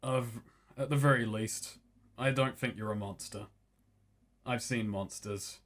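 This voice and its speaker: A man voicing a withdrawn former village brawler who talks in a flat, weary way and swears. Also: mid-range voice, a little slow. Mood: quiet. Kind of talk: in-character tabletop role-play.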